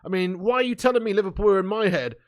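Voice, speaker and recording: A man's voice: sits high, very fast. A man hosting a live football watch-along, reading chat comments aloud with mocking banter, swearing and laughing.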